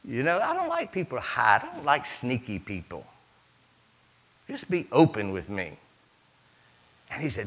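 A man preaching a sermon as pastor, animated, with sudden swings between loud emphasis and hushed asides. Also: medium pitch, measured pace.

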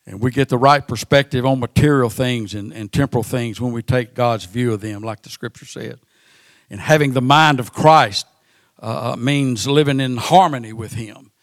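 A man preaching a sermon, often repeating words and pausing on "uh" between phrases. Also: medium pitch, dry recording, clean studio sound.

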